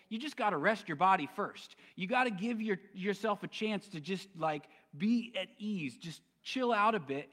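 A man's voice: on the high side, fairly bright tone, in a large hall. A man preaching a sermon as pastor, conversational and casual, with plenty of slang. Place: church sanctuary.

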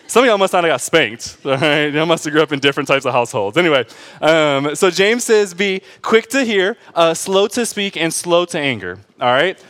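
Higher-voiced pastor, chatty and joking. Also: male voice, fairly bright tone. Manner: keeps asking the congregation "right?" and "okay?"; informal and joking, with asides to the congregation. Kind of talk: conversational sermon.

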